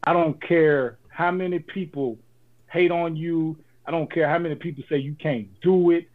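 A man's voice: fairly high pitch, fairly even intonation, moderate pace. Laid-back man on a tinny line. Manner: motivational, laid-back and joking. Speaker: podcast co-host. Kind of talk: casual podcast chat. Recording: phone-like lo-fi audio.

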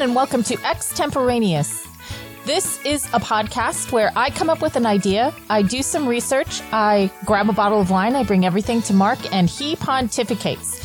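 A woman hosts a podcast in an earnest, chatty voice set a little higher than most. Faint music plays softly beneath her talk. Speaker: podcast host. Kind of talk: casual chat.

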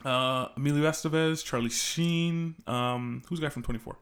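A young man co-hosting a podcast, telling a work story in a rambling, animated way with frequent restarts. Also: fairly high pitch, moderate pace. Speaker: podcast co-host. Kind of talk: casual storytelling chat.

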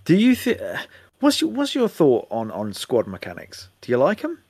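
A man's voice: fairly high pitch, huge pitch swings, normal speed, vocal fry, darkish tone, husky, no room sound. A man chatting animatedly on a casual gaming podcast, rambling and swearing now and then. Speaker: podcast co-host.

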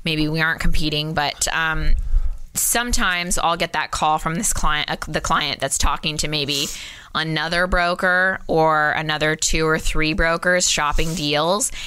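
A woman co-hosting a casual podcast, chatty and upbeat. Her voice sits low but sounds bright, smooth and clean. The recording is close and dry. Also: steady tone, unhurried, no echo. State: a little under the weather. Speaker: podcast co-host, mortgage broker.

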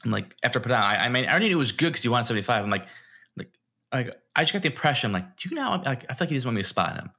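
A young man with a mid-range voice talks very fast while co-hosting a podcast. He's an animated storyteller in casual chat, acting out the quotes as he goes.

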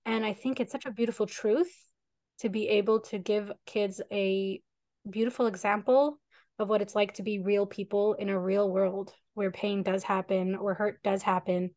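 A woman's voice: medium pitch, fairly even intonation, moderate pace, a little mellow, no room sound, lo-fi sound. A woman co-hosting a parenting podcast, talking in an earnest, reflective way over a video call. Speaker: parenting coach and podcast co-host.

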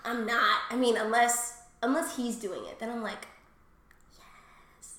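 A woman's voice: fairly high pitch, steady tone, normal speed, pushed and bright, echoey room. A woman co-hosting a podcast, telling rambling, crude stories with lots of fillers and laughs, and coughing after a cold. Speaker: podcast co-host. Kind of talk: casual chat.

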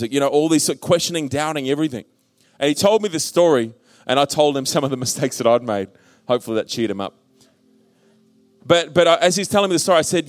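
A man's voice: on the high side, expressive, quick pace, no room sound. A man preaching a sermon, telling personal stories in a casual voice and acting out his own past worries. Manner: conversational storytelling, acts out his own past panic. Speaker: pastor.

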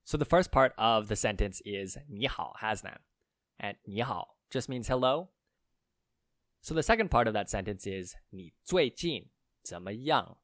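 A man co-hosting a Mandarin lesson, slowly explaining words and spelling out their tones. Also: on the low side, lively intonation, fairly bright tone, no echo, studio quality. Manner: slow, careful spelling out of tones. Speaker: co-host teaching Mandarin.

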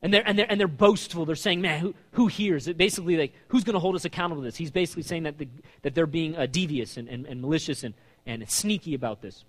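A man preaching a sermon, reading scripture aloud with passion and slowing down for emphasis. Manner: impassioned, reads scripture aloud with rising pitch and slowed emphasis. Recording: hall reverb.

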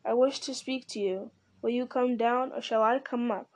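A woman voicing a mysterious hooded old man who speaks softly and knowingly, unhurried and teasing. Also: fairly high pitch, steady tone, natural voice. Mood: calm.

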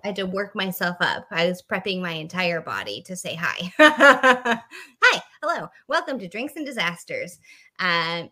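A woman's voice: lowish voice, very animated, moderate pace, sharp tone. A woman from the US South co-hosting a casual podcast chat, giggly and laughing often. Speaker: podcast co-host.

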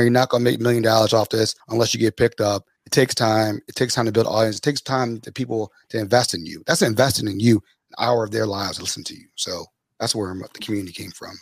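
A man, a podcast host telling stories as a guest, lively and acting out the people he quotes. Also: dry recording, studio quality. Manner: animated, acts out quoted people with big pitch jumps. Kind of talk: casual storytelling in an interview.

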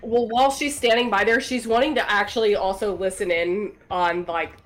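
A woman's voice: mid-range voice, fairly even intonation, normal speed, a little hiss or hum. A woman playing a tabletop game, chatty and describing what her character does. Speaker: player. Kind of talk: casual tabletop game play.

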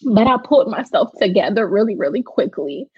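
A woman telling her own story as a personal testimony. She speaks haltingly and emotionally, with many fillers. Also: medium pitch, lively intonation, husky, dry recording, highs cut off.

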